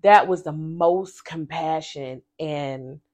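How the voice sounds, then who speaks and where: A woman hosting a casual faith podcast, telling a personal story with animated, emphatic repetition and speaking straight to her listeners. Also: low-pitched, slow. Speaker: podcast host.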